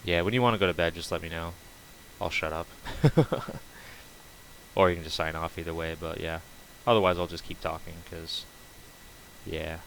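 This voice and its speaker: A man's voice: low voice, fairly even intonation, moderate pace, gravelly, pauses often, a bit bright, a little hiss or hum, poor audio. A man casually chatting while streaming a game, rambling loosely with many fillers and restarts. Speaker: streamer building on a game server.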